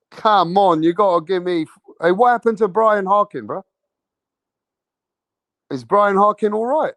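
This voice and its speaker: A man's voice: sits high, expressive, a little slow, long pauses, fairly bright tone, dry recording, clean studio sound. Brash London man hosting a livestream. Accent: London English. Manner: brash, swearing, slangy, repeats himself; calls out to chat and waits for answers. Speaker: boxing channel host. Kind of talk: livestream chat with viewers.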